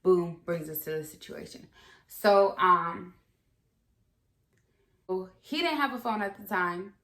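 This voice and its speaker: A woman's voice: fairly low pitch, expressive, slow pace, fairly bright tone. A young woman telling a story from her own life in a casual, candid way, swearing freely and rambling with fillers. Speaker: vlogger. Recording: echoey room.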